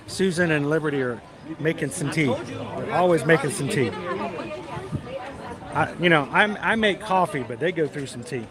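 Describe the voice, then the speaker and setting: A man hosting a casual live stream from a theme park, chatting and reading out viewers' names and hometowns. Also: fairly high pitch. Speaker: livestream host.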